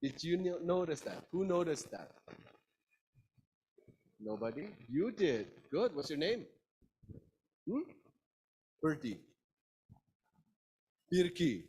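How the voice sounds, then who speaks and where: Husky man giving an animated workshop talk. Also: on the high side, slow, long pauses, rough recording. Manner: emphatic, demonstrative, quizzes the audience. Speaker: public speaking trainer. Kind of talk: live workshop lecture. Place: university seminar room.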